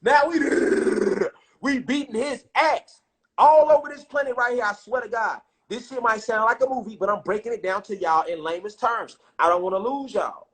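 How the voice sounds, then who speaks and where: A man telling a spiritual story in casual, profane street slang, getting loud and excited at times. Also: very high voice, moderate pace. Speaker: speaker.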